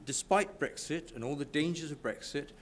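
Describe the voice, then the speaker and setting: A man's voice: on the high side, lively intonation, normal speed. Enthusiastic British man giving a speech. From United Kingdom. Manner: enthusiastic, stumbles and restarts often. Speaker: speaker at a business networking event. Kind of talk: informal speech to an audience. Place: event room with a live audience.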